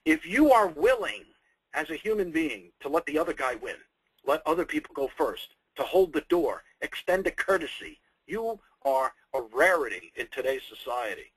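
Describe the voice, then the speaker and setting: Man teaching sales in a webinar, lively swooping delivery, slightly husky, dry close sound. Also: on the high side, normal speed, dry recording, low-quality recording. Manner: emphatic, conversational, repeats key points; humorous, off the cuff. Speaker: sales trainer. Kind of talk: webinar presentation.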